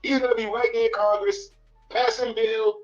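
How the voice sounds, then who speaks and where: A man's voice: extremely high pitch, level tone, moderate pace, muffled recording, soft background music. A man hosting a casual reaction show, giving blunt, preachy commentary and swearing freely. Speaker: host.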